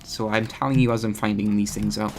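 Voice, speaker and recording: A man's voice: lowish voice, level tone, fairly quick, a little hiss or hum. A man hosting his gaming channel, giving rambling, chatty live commentary over his gameplay and often correcting himself.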